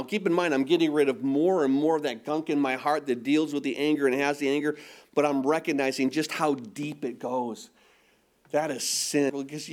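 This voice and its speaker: A middle-aged male pastor preaching a sermon, asking rhetorical questions and repeating words for emphasis. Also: a little high.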